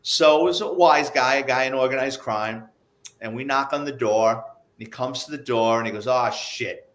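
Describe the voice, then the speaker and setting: A man, telling old police stories in a relaxed, chatty way and acting out the people in them. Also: medium pitch, moderate pace. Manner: animated, acts out the people in his stories. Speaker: guest, retired police investigator. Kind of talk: casual storytelling.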